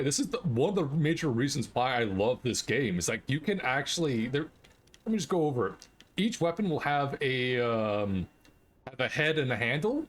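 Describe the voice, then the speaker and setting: Here a young man with a mid-range voice narrates his live gameplay, excitable and cursing, with abrupt yelps at near misses.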